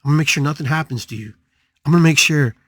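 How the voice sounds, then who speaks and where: A man voicing a devoted mother giving quick, earnest reassurances in his near-normal voice. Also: fairly high pitch, a bit bright, dry recording. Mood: reassuring. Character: devoted, protective mother reassuring her child.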